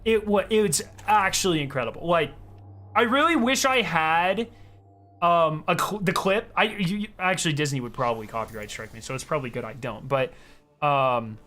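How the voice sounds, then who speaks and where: A young man chatting casually with his viewers while he plays a game, rambling excitedly with lots of fillers. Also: fairly high pitch, moderate pace. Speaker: game streamer. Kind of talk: casual chat while playing.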